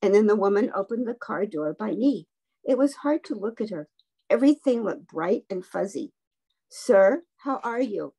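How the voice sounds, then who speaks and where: A woman reading a children's story aloud for a book club, gently voicing the characters' lines. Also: medium pitch, lively intonation, moderate pace, slightly rough. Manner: gently voices the characters' dialogue.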